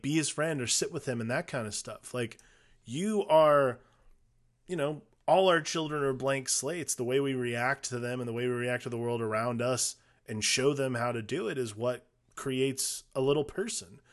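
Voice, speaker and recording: A man co-hosting a casual movie podcast, talking in a relaxed, rambling way with plenty of fillers. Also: medium pitch, moderate pace, hardly any pauses. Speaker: podcast co-host.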